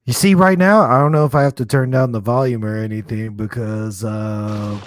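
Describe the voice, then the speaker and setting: A man's voice: mid-range voice, steady tone, moderate pace, a little hiss or hum. A young adult man casually chatting and rambling as he hosts a live stream, laughing often.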